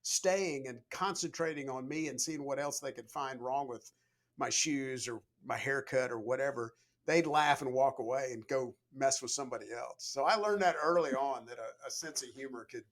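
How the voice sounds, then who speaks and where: Man, middle-aged, podcast guest, easygoing storyteller, average pitch, lots of fillers. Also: moderate pace. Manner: storytelling, relaxed, frequent "you know" fillers. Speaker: guest, leadership coach. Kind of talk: conversational podcast interview.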